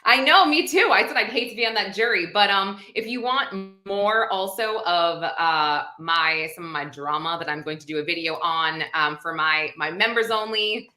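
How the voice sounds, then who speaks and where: The US live-stream host talks at a normal pace with few pauses, her fairly low voice pushed and bright. Her chatter rambles and is full of fillers, recorded in a room with noticeable echo.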